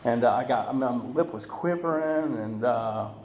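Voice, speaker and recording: A man speaking at a recovery meeting, telling his story in a halting way, full of fillers and restarts. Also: mid-range voice, darkish tone, a little hiss or hum. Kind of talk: personal recovery talk. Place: meeting room. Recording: echoey room recording.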